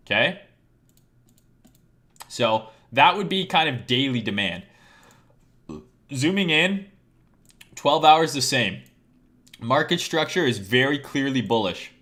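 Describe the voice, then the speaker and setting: A man's voice: mid-range voice, bright, forceful tone. A man on a live stream teaching chart trading. He talks casually, swears often and keeps quizzing the viewers. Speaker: trading educator.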